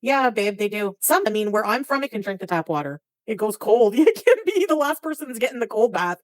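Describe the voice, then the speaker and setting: A woman's voice: a little high, sing-song, fairly quick, no echo, rough recording. Woman streamer chatting w viewers, laughy and loose, dry close sound. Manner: chatty, reacts to chat names, laughs often. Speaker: livestreamer. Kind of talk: casual chat with live viewers.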